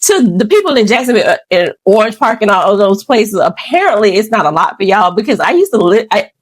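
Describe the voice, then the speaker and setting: A woman's voice: mid-range voice, big pitch swings, fast talker, husky, no room sound. A woman hosting a reaction video, giving opinionated, conversational commentary. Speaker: host reacting to clips. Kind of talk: commentary on clips.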